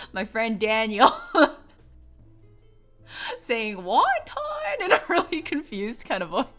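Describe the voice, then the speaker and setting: A young woman hosts a live game stream, chatty and giggly, reading lines aloud between asides. Her voice is bright and lively, rising and falling a lot. Faint game music plays behind her. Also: sits high. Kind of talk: live game playthrough chat.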